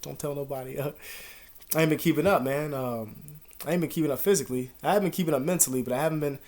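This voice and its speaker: A man's voice: on the high side, racing. Rambling, profane young man vlogging. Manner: profane, rambling, drops to a mutter then bursts loud. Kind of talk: casual confessional talk to camera. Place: at home.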